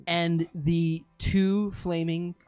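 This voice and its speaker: A man running a tabletop game as game master, describing a monster's attacks in a relaxed, hesitant way. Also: fairly high pitch, very slow, no echo, faint music behind.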